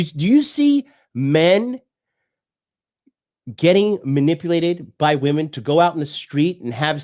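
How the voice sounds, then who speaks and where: A man's voice: on the high side, a little mellow. A man from the United States, a dating coach hosting a livestream, talking in a blunt, profane, preachy rant.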